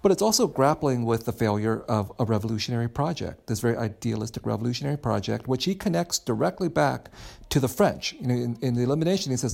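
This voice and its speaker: A man's voice: mid-range voice, animated, fast, creaky, darkish tone. A man answering interview questions about his book in a thoughtful, rambling way, often repeating words as he thinks. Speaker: author, interview guest.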